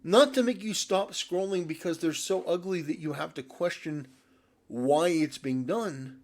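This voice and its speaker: A man's voice: on the high side, unhurried, darkish tone. Exasperated ranting male commentator. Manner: exasperated, sarcastic and profane, with many restarts. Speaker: video commentator.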